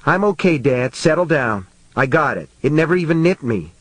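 A male narrator gives a frightened young boy in an audiobook a lifted, trembling voice that stammers. The boy stays brave but clearly shaken, heard in a dry, close recording. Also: on the high side, sing-song, moderate pace, a bit bright, no echo, voice pushed up, rough recording. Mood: reassuring.

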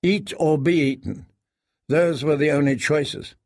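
Male audiobook narrator, measured and grave, dry close recording. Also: a little high, fairly even intonation, a little mellow, no echo.

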